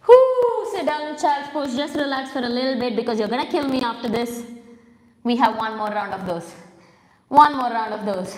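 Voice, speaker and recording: A woman leading a home workout class, counting reps and coaching form, out of breath at times. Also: high voice. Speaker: fitness instructor. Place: home room with a hard floor. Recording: echoey room with long reverb.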